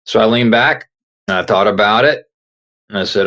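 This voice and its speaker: Earnest middle-aged man, slightly low voice. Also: normal speed, pushed and bright. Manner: earnest storyteller, acts out quoted dialogue. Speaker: guest, author. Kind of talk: telling a personal story in an interview.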